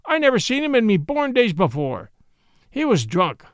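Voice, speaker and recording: A man voicing a brash, blustering middle-aged saloon keeper who tells a tall tale in rough slang. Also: high-pitched, huge pitch swings, normal speed, dry recording, clean studio sound, voice pushed up, full character voice. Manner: blustering, indignant, colloquial.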